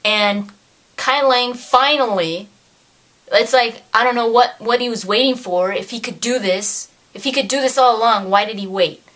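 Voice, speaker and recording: A woman giving an animated, exasperated review of a novel in a casual rant, acting out characters' lines along the way. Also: on the high side, moderate pace. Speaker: video creator reviewing a novel. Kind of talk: casual ranting book review.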